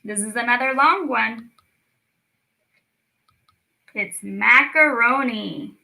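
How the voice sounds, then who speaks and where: A young woman leading a children's lesson, stretching words out slowly and cheering the kids on. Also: a little high, gravelly, bright, forceful tone, poor audio. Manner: slow, drawn-out words for children, encouraging. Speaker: speech clinic storytime teacher. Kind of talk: children's lesson, clapping out syllables.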